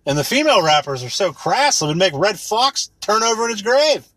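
A man's voice: high-pitched, big pitch swings, a little fast, bright, forceful tone, no room sound. A man in his thirties ranting with rambling sarcasm and heavy swearing, mocking things in put-on voices. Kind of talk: profane comedic rant.

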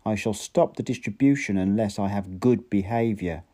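A man's voice: lowish voice, normal speed, warm tone, natural voice. A man voicing a nervous, fussy male clerk who pleads in a raised, strained voice. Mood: threatening.

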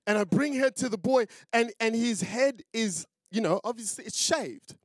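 High-voiced Australian pastor telling stories. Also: male voice, normal speed, no echo. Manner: chatty storytelling with many fillers and restarts. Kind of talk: sermon. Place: church.

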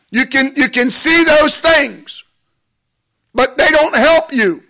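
A preacher delivers a sermon in a strikingly high voice, taking his time with long, deliberate pauses. His measured, emphatic delivery builds into impassioned exhortation, carrying a bright, forceful edge.

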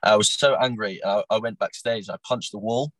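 A young man recounting his time as a talent show contestant, animated and acting out what others said, with plenty of restarts. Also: on the low side, brisk, no room sound, rough recording. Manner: animated storyteller, acts out quotes, frequent restarts. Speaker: podcast guest, former talent show contestant. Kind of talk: casual interview storytelling.

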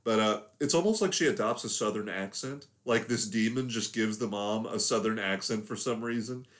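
A man's voice: lowish voice, moderate pace, a bit bright. A young man from the American South, casually talking over a film as podcast co-host, rambling with lots of fillers. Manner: rambling, many fillers and hedges. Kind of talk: casual film review chat.

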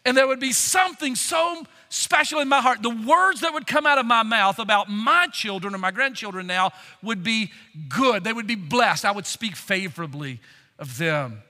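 An older man preaching a sermon, fervent, swinging from loud declarations to hushed passages. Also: high-pitched, animated, normal speed, big-room sound. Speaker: pastor.

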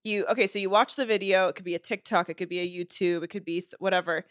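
A woman's voice: lowish voice, fairly even intonation, fast talker, no echo, studio quality. A woman co-hosting a casual chat, profane and ranting, laughing often between jokes. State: sweating from laughing. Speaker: podcast co-host.

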